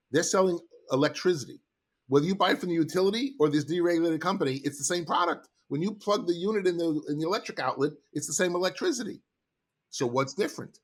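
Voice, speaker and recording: A middle-aged man, a sales trainer, telling stories in an animated, emphatic way as a podcast guest. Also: a little high, husky. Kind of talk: casual interview talk.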